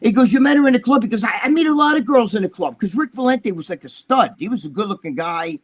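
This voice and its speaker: A man's voice: high voice, animated, fast, slightly rough. A man on a podcast, rambling through profane stories and acting out the people in them. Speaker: podcast regular telling stories. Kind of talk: casual chat, storytelling.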